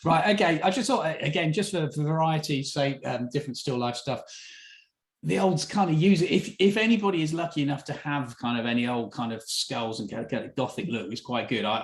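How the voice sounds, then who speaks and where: A man's voice: mid-range voice, roomy sound. A man hosting a casual photography chat on a video call, talking in loose, rambling sentences with many restarts. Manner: rambling, with frequent restarts and trailing off. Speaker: host of an online photography chat.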